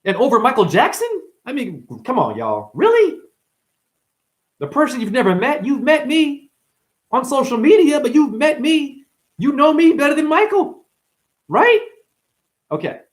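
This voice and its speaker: Livestream host, man, high voice with big swings; impassioned, defensive, then conciliatory. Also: sing-song, brisk. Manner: passionate, defensive, swinging between agitated and conciliatory. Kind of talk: heated livestream chat reading comments.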